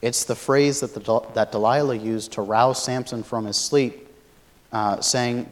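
A man giving a Bible study lecture, explaining a passage thoughtfully and pausing often to search for words. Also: medium pitch, fairly even intonation. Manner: thoughtful, many fillers and restarts, explanatory. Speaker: Bible teacher.

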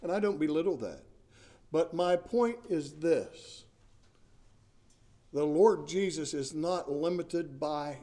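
Slow, mellow-voiced preacher man. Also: on the high side. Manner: earnest, emphatic preaching with repeated words and restarts. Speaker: pastor. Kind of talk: sermon.

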